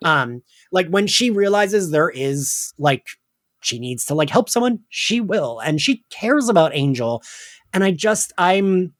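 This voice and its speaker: A chatty podcast co-host who rambles through a casual discussion, full of fillers and acted-out lines. The pitch swings widely. It sounds close and dry, with no room sound. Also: very animated, a little slow, dry recording. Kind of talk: casual chat.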